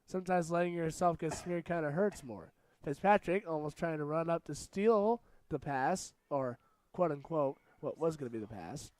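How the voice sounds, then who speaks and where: A man's voice: fairly high pitch, normal speed, few pauses, no room sound. Jokey young man calling rugby. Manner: jokey, chatty, bursts into shouts at big plays. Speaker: match commentator. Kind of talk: casual play-by-play commentary.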